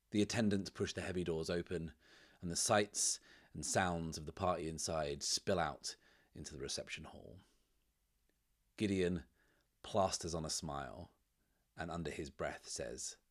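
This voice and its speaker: A man with a very low voice spins out a tabletop adventure on his own. He paints the scene in loose, unhurried narration and muses aloud over each roll. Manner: relaxed, descriptive storytelling that drifts into thinking aloud. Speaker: solo game master and host. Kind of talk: narrating a solo tabletop game.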